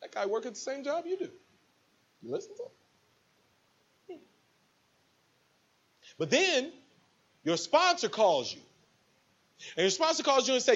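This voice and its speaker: A man's voice: extremely high pitch, very animated, a little slow, long pauses, a bit bright, lo-fi sound. A man giving a preachy motivational speech to a live audience, acting out little scenes with quoted voices. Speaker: motivational speaker at a business event.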